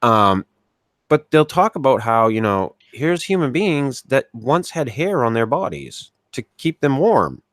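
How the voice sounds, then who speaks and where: A man's voice: mid-range voice, big pitch swings, measured pace, no echo, clean studio sound. A man co-hosting a casual podcast chat, rambling with frequent restarts and plenty of swearing. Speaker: podcast co-host.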